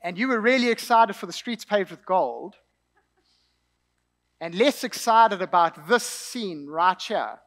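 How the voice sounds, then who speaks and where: Young south african man preaching, high voice, chatty storytelling sermon. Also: lively intonation, a little slow, a bit bright, long reverb tail. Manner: conversational storytelling with asides and light laughter.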